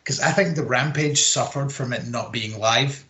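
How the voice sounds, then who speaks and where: A man's voice: medium pitch, bright, forceful tone, muffled recording. A young man chatting casually about wrestling as a podcast co-host, rambling and swearing. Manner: rambling, swears, quick laughs. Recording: roomy home recording.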